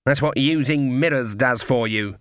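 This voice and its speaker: A man's voice: mid-range voice, moderate pace, clean tone, dry recording, clean studio sound, lightly acted. A man voicing a stern, commanding older witch who speaks bluntly in country grammar. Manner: loud, clipped, dialect grammar.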